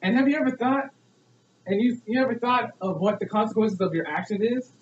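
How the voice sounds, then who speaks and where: A man's voice: sits high, expressive, fairly quick, slight background noise. A young man giving an earnest, preachy persuasive speech full of rhetorical questions. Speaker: student speaker. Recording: echoey, distant, dull lo-fi.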